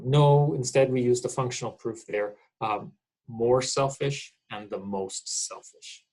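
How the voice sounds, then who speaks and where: A man's voice: mid-range voice, breathy edge, low-quality recording. A middle-aged man, a college English instructor, explains grammar in a casual recorded lecture, often checking in with "okay?".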